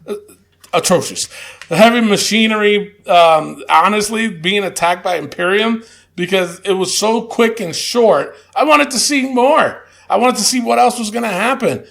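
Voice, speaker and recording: A man's voice: high-pitched, moderate pace, gravelly, fairly bright tone. A man co-hosting a wrestling podcast, talking casually with many fillers and frequent laughs. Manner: laid-back, laughs often, hesitant with fillers. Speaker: podcast co-host.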